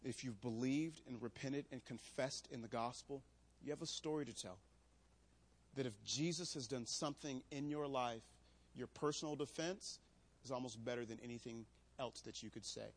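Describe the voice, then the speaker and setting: A man, a pastor, preaching a sermon to a room, moving between loud emphatic preaching and quiet storytelling. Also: medium pitch, normal speed. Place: church room.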